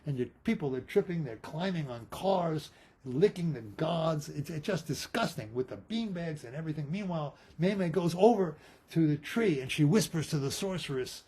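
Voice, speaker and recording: A man improvising an animated, playful story. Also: fairly high pitch, moderate pace, slightly rough.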